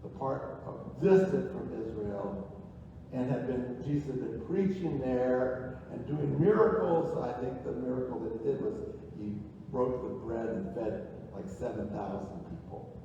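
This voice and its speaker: Distant echoey pastor preaching in a church. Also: male voice, measured pace, a little hiss or hum. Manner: conversational, thinks aloud with restarts, drops low and quiet on key phrases. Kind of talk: sermon. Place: church sanctuary. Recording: echoey church hall, distant mic, dull and lo-fi.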